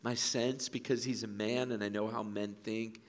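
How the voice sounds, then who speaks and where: A middle-aged male pastor preaching a sermon in an auditorium, telling a story with lively acted-out voices. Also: lowish voice, moderate pace, a little hiss or hum. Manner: animated storytelling, acts out quoted voices.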